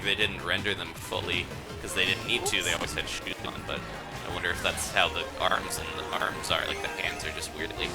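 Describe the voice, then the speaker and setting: Deep-voiced chatty man streaming games. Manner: rambling, chatty, laughs often. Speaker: gaming streamer host. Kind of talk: casual live-stream chat over gameplay.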